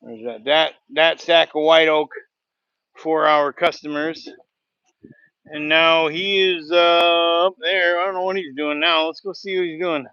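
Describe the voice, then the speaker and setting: A man's voice: fairly high pitch, steady tone, a little slow, no room sound, highs cut off. A man hosting a casual livestream from a sawmill, telling a rambling joke with goofy sound effects. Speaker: sawmill worker and livestream host. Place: outdoors at a sawmill.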